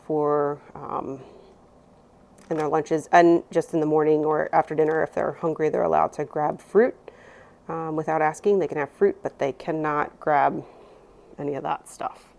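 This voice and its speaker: Mom in her 30s rambling thru her grocery haul, lots of ums, kinda low voice. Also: fairly even intonation, moderate pace, creaky, a little mellow. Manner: chatty, rambling with many "um"s. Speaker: vlogger, mother. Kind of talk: casual grocery haul narration.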